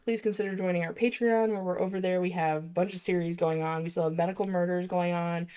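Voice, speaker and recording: A woman co-hosting a true-crime podcast, talking in a chatty, rambling way with animated asides. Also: fairly low pitch, fast, clear, resonant tone. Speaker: podcast co-host.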